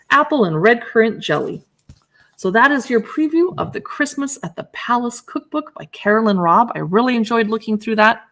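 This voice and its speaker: A woman's voice: mid-range voice, vocal fry, fairly bright tone. A woman hosting a live shopping stream, casually reading dish names from a cookbook aloud and reacting to each with short remarks. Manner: greets viewers and answers chat comments. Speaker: livestream shopping host. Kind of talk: casual livestream chat, reading recipe titles.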